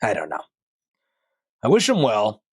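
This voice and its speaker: A man's voice: lowish voice, wildly swooping pitch, unhurried, slightly rough, no echo. A man hosting his own podcast, talking through the week's news in a loose, rambling way with plenty of fillers and asides. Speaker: podcast host. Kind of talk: casual solo commentary.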